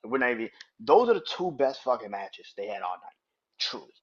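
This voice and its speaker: Animated, ranting man in his thirties. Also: medium pitch, brisk, breathy edge, lo-fi sound. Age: 30s. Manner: profane, heated, animated ranting. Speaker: podcast host. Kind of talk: casual wrestling rant.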